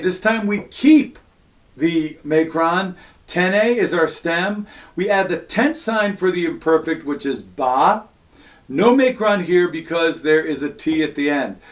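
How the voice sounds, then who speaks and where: Man, Latin teacher, patient step-by-step explainer, slightly higher voice, fillers between points. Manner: patient step-by-step explaining, frequent "all right" and "um". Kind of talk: recorded classroom lesson.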